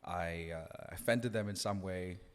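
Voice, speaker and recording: An earnest man recounts a story at a thoughtful pace. His voice sits low, and the room leaves a long reverb trail behind each phrase. He restarts his sentences often as he reflects. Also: a little slow, clear, resonant tone. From South Africa. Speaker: radio DJ guest. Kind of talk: casual podcast conversation.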